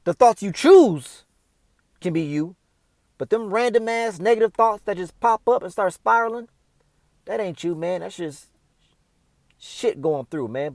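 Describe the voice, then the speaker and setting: Gravelly man giving loose slangy advice. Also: sits high, no echo. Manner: loose slangy advice, talks to listener directly. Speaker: host. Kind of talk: casual spiritual talk, off the cuff.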